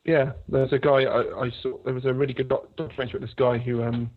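Man, husky voice, phone-line sound, joking podcast co-host. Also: mid-range voice, flat delivery, quick pace. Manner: joking, teasing. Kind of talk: casual podcast chat.

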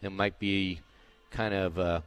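A man's voice: deep voice, flat delivery, slow, fairly bright tone, smooth. A man hosting a golf show on sports radio, talking casually and emphatically, rambling with fillers through ads and chat. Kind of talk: casual sports radio talk with live reads. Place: radio studio.

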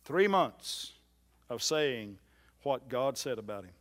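A man preaching a sermon in a church, swinging from loud emphatic lines to soft low ones and repeating phrases for emphasis. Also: animated, slow. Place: church hall.

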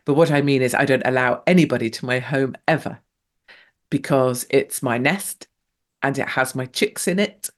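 A woman's voice: very deep voice, moderate pace. Chatty woman hosting talk radio. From England. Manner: breezy and gushing, reads out listener chat messages, playful asides. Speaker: radio talk show host.

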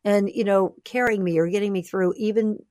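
A woman author talking as a guest in an interview, animated and expressive, sometimes playful. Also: mid-range voice, brisk. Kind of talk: conversational interview.

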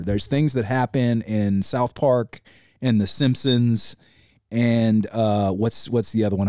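A man's voice: mid-range voice, a little mellow, no echo, clean studio sound. A man in his forties hosting a podcast, chatting casually in a laid-back, rambling way, often calling the listener man or dude. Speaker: podcast host.

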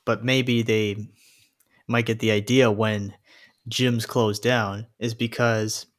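A man co-hosts a loose fitness conversation in a medium voice. His manner is relaxed and reflective, and he laughs easily. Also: lowish voice. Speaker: podcast co-host. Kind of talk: casual fitness chat.

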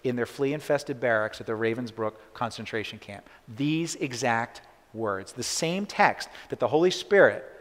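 A man's voice: medium pitch, moderate pace, a bit bright. A male pastor preaching a sermon, telling a story with earnest emphasis and acting out the quoted voices. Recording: reverberant church hall.

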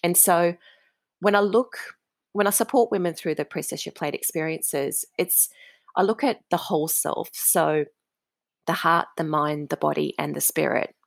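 A woman's voice: deep voice, normal speed, creaky, no echo. A woman guest on a podcast, a food coach, talking in a flowing, emphatic way with frequent fillers. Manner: flowing, emphatic talk with many "like" and "you know" fillers. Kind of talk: casual podcast conversation.

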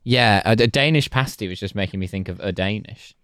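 A man's voice: on the low side, fairly quick, fairly bright tone, smooth, dry recording, studio quality. A man co-hosting a podcast in casual, jokey chat. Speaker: podcast co-host.

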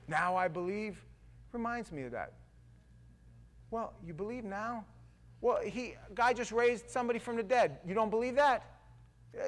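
Blunt, slangy male preacher. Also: high-pitched. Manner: slangy and blunt, with frequent restarts; swings from quiet asides to loud emphatic shouting. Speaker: pastor. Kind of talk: casual conversational sermon.

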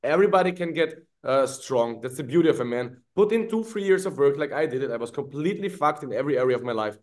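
A man's voice: medium pitch, lively intonation, quick pace, a little mellow. A man, a fight coach guest on a podcast, speaking in a blunt, motivational way with short, firm statements. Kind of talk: casual podcast conversation.

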